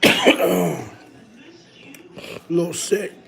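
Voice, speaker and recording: A hoarse, sick man chatting casually and slangily on a phone live stream, tagging his lines with "you heard?". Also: high-pitched, very slow, fairly bright tone.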